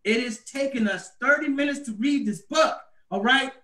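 High-voiced man doing stand-up in an echoey room. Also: normal speed, far from the mic. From US Northeast. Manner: conversational, animated, laughs at own jokes. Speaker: stand-up comedian. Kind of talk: stand-up comedy set about parenting. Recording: echoey room, away from the mic.

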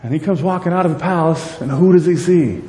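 Man preaching, animated, jokey, mellow tone, echoey church hall with long reverb. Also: a little high, fairly quick. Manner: animated, acts out characters in quotes; jokey, asks the congregation questions. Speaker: pastor. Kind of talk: sermon. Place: church sanctuary.

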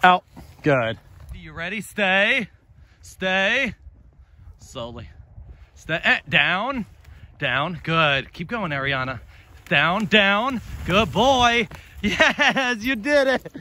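Cheerful, high-voiced man filming outdoors in snow. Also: extremely slow, pauses often. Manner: cheerful, excitable, laughs often. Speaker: vlogger with his service dog. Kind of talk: casual vlog narration and dog commands.

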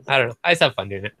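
A man's voice: medium pitch, creaky, a bit bright. A man chatting casually on a live stream call, playful and fond of mimicking accents. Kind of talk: casual group chat.

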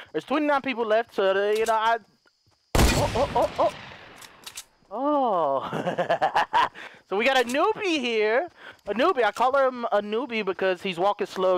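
A man with a very high voice that bounces all over the place gives excitable, jokey commentary on his own gameplay. He drops to hushed mutters and then breaks into loud yells. A faint hiss sits under his voice.

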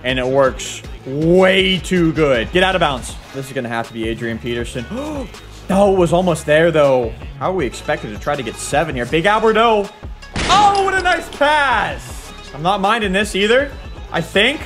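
An excitable young man calls his football game like a hyped fan, his voice cracking as he yells at the big plays. His voice sits high and swings all over the place. Faint game music plays underneath. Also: moderate pace. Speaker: gaming YouTuber. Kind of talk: excited let's-play commentary.

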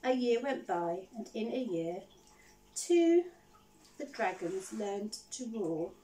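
A woman reads a picture book to a class in a slow, lively, sing-song way, her pitch bouncing high and low. She keeps stopping to ask the children questions. Her voice sounds a little distant from the mic. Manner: animated, asks the listeners questions. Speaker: teacher reading a picture book. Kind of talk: storybook reading to children.

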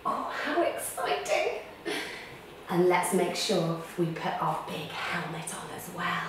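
A woman's voice: on the low side, flat delivery, a little slow, a little hiss or hum. A woman leading a guided story-time yoga class for children, playful, gasping and making beeping sound effects. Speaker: kids' yoga teacher. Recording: echoey room, distant mic.

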